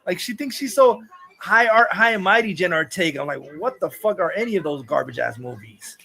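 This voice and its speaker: A man's voice: sits high, expressive, fairly quick, gravelly, sharp tone, breathy edge. A man co-hosting a casual live-stream chat, swearing freely, agreeing and reading out chat comments. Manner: profane, agreeing, reads chat aloud.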